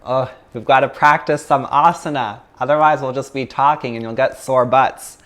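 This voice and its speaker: A man's voice: medium pitch, steady tone, normal speed, fairly bright tone. A man teaching a yoga class, talking in a loose, chatty way and telling stories with plenty of fillers. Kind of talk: casual talk to a yoga class.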